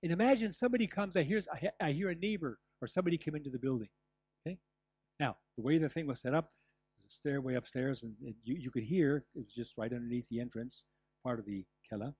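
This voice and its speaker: An older man preaching a sermon as pastor, telling stories with lively asides and the odd laugh. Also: medium pitch, fast, no echo. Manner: animated storytelling with asides and laughs. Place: church.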